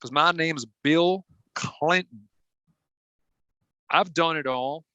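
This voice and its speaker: A crude, boastful older Southern statesman drawls every line slowly, as a man puts him on for an improv bit. His voice is bright and forceful, and it sits dry and close to the mic. He jeers at everyone in a thick Southern accent. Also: fairly high pitch, dry recording, highs cut off. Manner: slow drawling brags, rude insults. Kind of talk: improv comedy.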